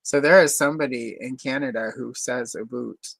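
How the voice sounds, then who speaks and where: American streamer, animated storyteller, dry close sound. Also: mid-range voice, moderate pace, gravelly, no room sound. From United States. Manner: lively storyteller who jumps into mock voices. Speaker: co-host of a toy livestream. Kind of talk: casual livestream chat.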